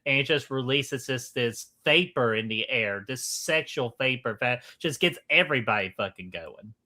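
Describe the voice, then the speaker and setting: A man's voice: mid-range voice, animated, moderate pace, sharp tone. A man co-hosting a casual livestream movie chat, rambling enthusiastically and saying "freaking" a lot. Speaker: podcast co-host.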